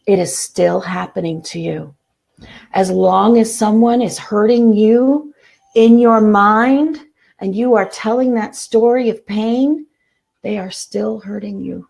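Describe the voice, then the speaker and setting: A woman's voice: mid-range voice, gravelly, darkish tone. Earnest woman hosting a self-help talk. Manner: earnest, repeats slow affirmations. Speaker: self-help show host.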